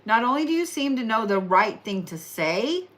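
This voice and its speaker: A young woman with an Oklahoma accent hosts an astrology and reiki livestream, giving a casual horoscope reading. Her voice sits on the high side, sing-song and fairly bright, at a moderate pace. Tired and yawning, she's chatty and teasing and repeats phrases for emphasis.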